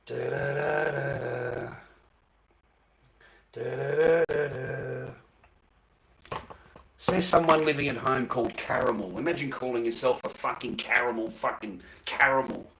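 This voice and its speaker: A man's voice: medium pitch, fairly quick, hardly any pauses, a bit bright, a little hiss or hum, poor audio. An Australian man livestreaming from home, ranting bluntly and profanely at his chat. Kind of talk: casual livestream rant.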